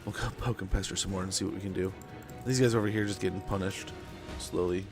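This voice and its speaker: A man's voice: deep voice, steady tone, fast, music in the background. A young man chatting casually and rambling while playing a strategy game on stream, with lots of fillers. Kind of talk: casual gameplay chat.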